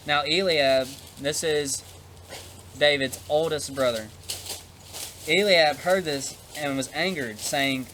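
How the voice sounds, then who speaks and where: A man's voice: mid-range voice, measured pace, bright, forceful tone, slight background noise. A man retelling a Bible story in a casual, conversational way, with frequent fillers, and at one point showing a prop while he talks. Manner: demonstrates a prop while talking.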